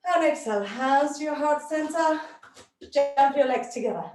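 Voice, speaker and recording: Loud music plays behind a woman whose voice sits high and moves at normal speed. She teaches a live yoga class, breathing and moving with everyone while offering short, encouraging cues, all captured by a distant mic in a very echoey room.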